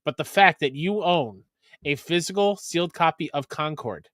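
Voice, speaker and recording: A man's voice: a little high, animated, moderate pace, fairly bright tone, no echo, clean studio sound. A man hosting a casual gaming podcast, talking emphatically and sounding exasperated. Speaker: podcast host.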